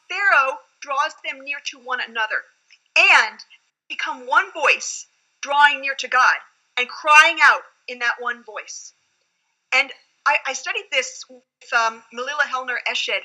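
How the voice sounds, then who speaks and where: A woman's voice: sits high, sharp tone, poor audio. A woman rabbi explaining scripture in an earnest, reflective teaching tone during a study conversation.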